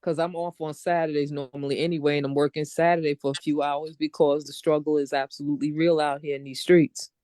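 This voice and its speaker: A woman's voice: sits low, little pitch movement, fairly quick, hardly any pauses, warm tone, no room sound. A middle-aged woman on a video call, venting at length in a frustrated, casual ranting way. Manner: frustrated ranting, talks in long run-on stretches. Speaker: open mic participant.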